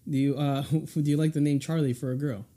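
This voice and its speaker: A man hosting a podcast, firing quick questions at a guest and laughing often between them. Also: a little high, little pitch movement, mellow. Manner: laughs often, stumbles and restarts. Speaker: podcast host. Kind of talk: casual rapid-fire questions.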